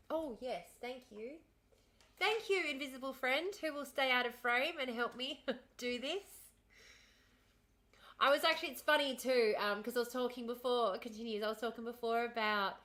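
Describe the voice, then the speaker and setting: A woman's voice: a little high, sharp tone. A woman in her thirties with an Australian accent, chatting casually with viewers on her livestream. She rambles, answers the chat and laughs often. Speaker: livestream host.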